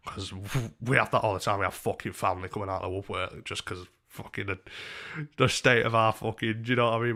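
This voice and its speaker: A young man tells a long story to his stream, swearing constantly and rambling through it. His voice sits a little low. He speaks casually and grows animated as he talks.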